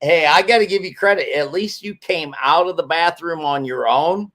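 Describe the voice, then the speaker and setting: A man's voice: on the high side, normal speed, fairly bright tone. A man casually telling a wry story to his friends. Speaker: friend in the group.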